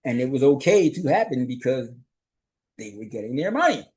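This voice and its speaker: A man's voice: mid-range voice, very animated, moderate pace, darkish tone, poor audio. A male host and journalist giving a solo commentary recap. He speaks conversationally and rhetorically, keeps asking "right?", and chuckles often.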